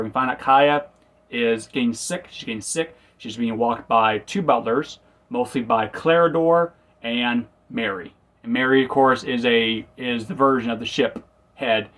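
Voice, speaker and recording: Male reviewer, mid-pitched, loose and rambling episode recap. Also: a bit bright. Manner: rambling, self-correcting, acts out quotes. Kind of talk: casual spoken review.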